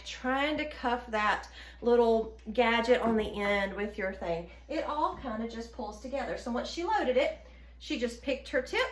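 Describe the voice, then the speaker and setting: A woman's voice: high-pitched, reverberant. A woman with a Southern US accent hosting a casual cooking demonstration of her own baking product, chatty and upbeat with frequent ums and laughs.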